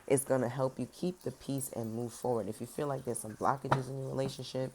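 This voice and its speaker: A woman with an unusually low voice gives a casual tarot reading and talks straight at her viewers. She is sassy and animated, jumping from loud emphasis to soft, serious asides. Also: fairly quick, a little hiss or hum. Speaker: tarot reader.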